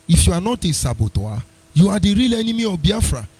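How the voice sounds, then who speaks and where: Combative radio host, husky voice. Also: male voice, high voice, very animated, quick pace, darkish tone. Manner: combative, mocking, sing-song asides. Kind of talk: live internet radio commentary.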